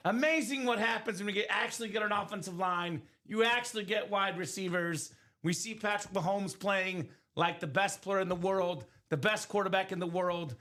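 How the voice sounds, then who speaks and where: A man with a high, bright voice hosts a live sports memorabilia stream from a studio break room. He hypes every item in energetic sales banter. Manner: energetic, hyping items with quick asides.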